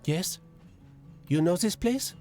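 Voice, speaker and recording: A man's voice: high voice, expressive, slow, mellow, soft background music, voice pushed up. Man doing a hopeful French woman. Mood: pleading. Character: hopeful young French woman, thick accent.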